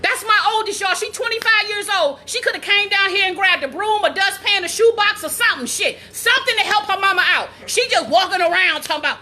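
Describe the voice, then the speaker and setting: Very high bright-voiced woman in her 40s, loud and excitable, swearing and laughing on a home vlog. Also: fairly quick, few pauses, a little hiss or hum. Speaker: vlogger and mother. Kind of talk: casual vlog. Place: at home, indoors.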